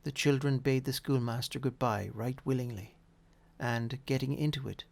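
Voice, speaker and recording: A man reading a classic story aloud in a measured, expressive way. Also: mid-range voice, gravelly. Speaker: audiobook reader. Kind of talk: storybook narration.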